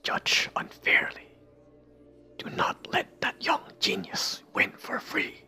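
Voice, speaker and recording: Whispered role-play: a man playing a sly male demon tempter, breathy and hushed, slow and coaxing. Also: soft background music. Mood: tempting.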